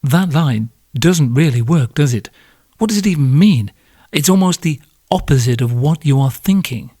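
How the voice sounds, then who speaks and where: A man's voice: a little high, expressive, normal speed, mellow, husky, no echo, clean studio sound. A man hosting a podcast, delivering a sarcastic comedic monologue that builds into sweary rants. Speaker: podcast host.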